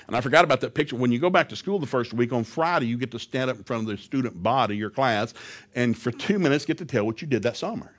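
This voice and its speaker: A middle-aged male preacher telling a humorous story in a sermon, animated, laughing often and acting out the voices of people he quotes. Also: mid-range voice, fast.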